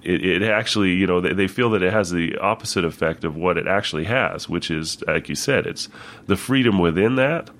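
A man's voice: deep voice, a little fast, fairly bright tone. A man in casual conversation about a book, often laughing and speaking hesitantly. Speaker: book discussion co-host.

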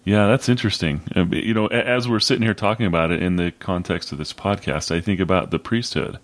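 A man's voice: sits low, fast talker. A man co-hosting a podcast, talking casually about a film, hesitant and thinking aloud. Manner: hesitant, with many fillers and restarts. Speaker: podcast co-host.

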